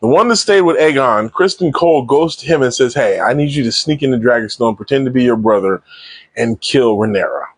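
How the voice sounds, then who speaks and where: Animated man recapping a TV episode. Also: medium pitch, fairly quick, husky, dry recording. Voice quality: animated slangy retelling with acted-out quotes. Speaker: TV show reviewer. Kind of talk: casual recap review.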